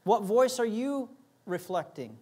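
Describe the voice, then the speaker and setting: A man's voice: sits high, very animated, unhurried, dark tone, husky. A man pastor preaching a sermon, emphatic, repeating key phrases and acting out little asides.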